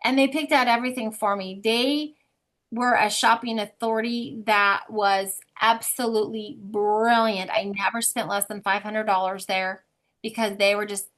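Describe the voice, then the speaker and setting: A woman hosting a video-call training, telling a story in a lively, enthusiastic way. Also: medium pitch, normal speed. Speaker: host. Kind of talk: casual chat.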